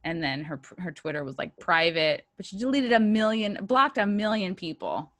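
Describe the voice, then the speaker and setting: A woman's voice: mid-range voice, animated, normal speed, a bit bright, no room sound. A woman hosting a podcast, telling stories in casual chat and acting out what other people said. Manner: chatty storyteller, acts out quoted people. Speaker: podcast host.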